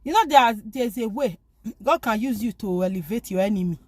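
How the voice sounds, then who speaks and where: A woman's voice: a little high, animated, fairly quick, no echo. A woman giving an informal spoken talk urging forgiveness, pleading and emphatic, often repeating phrases. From lives abroad, from back home elsewhere. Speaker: faith vlogger.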